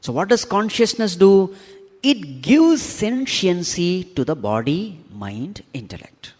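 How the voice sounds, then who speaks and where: A man's voice: high-pitched, big pitch swings, slow, darkish tone. A man giving a spiritual discourse, asking the audience rhetorical questions and repeating key phrases for emphasis. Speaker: swami teaching scripture. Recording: long hall reverb.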